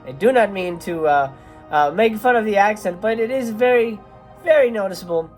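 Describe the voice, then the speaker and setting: A woman hosting a horror movie review, her pitch sitting right in the middle of the range. She speaks casually and chattily, often stumbling over uh and um as she gathers her thoughts. Soft music plays faintly underneath. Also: expressive, normal speed. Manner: chatty, hesitant, many uh fillers. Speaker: movie reviewer and channel host.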